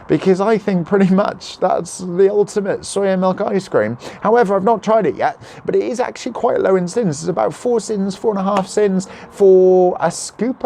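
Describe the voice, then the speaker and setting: A young man chatting casually on a live stream, reading out viewer comments and answering questions in a slightly croaky voice. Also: fairly high pitch, a little mellow, a little hiss or hum. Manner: chatty, reads out comments, jokes and apologises. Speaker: vlogger answering live chat. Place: at home, neighbours nearby.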